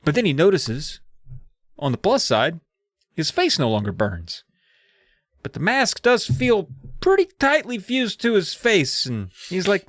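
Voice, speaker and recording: A podcast co-host casually recapping a spooky book, telling it with lively, swearing storytelling. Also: medium pitch, moderate pace, dry recording, clean studio sound.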